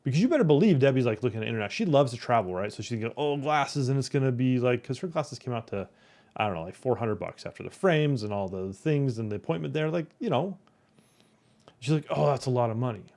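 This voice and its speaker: Brief: male host, rambling casual storyteller, mid-pitched voice, lots of "right?" tags. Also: lively intonation, fast talker, gravelly, dark tone. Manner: rambling, keeps asking "right?".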